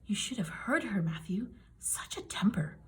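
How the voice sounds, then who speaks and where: A woman voicing a stern but caring older woman guardian, brisk and firm while soft-spoken. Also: medium pitch, expressive, slightly rough, whispered.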